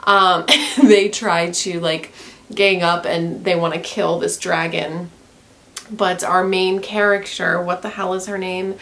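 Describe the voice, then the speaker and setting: A woman rants through a casual book review in a slow, unhurried delivery. She talks bluntly, swears freely and fills her sentences with "like.". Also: fairly low pitch, fairly even intonation, a bit bright. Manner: frank and profane, heavy use of "like". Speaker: book vlogger.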